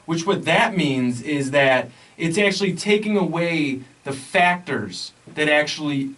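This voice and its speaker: A man's voice: fairly high pitch, animated, unhurried, fairly bright tone, far from the mic, low-quality recording. A man hosting a podcast, talking in an earnest, preachy way about health and diet. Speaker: podcast host. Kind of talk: casual podcast chat.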